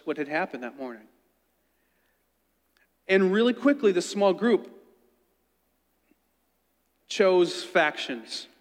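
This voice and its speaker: High-voiced man telling a sermon story. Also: long reverb tail. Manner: earnest, conversational, quiet when quoting.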